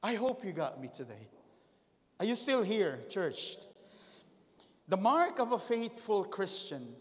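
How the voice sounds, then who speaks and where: A male pastor preaching a sermon in a high, animated voice. He swings between loud, ringing calls and hushed asides to the congregation. The sound carries long reverb from a large church hall. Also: slow pace.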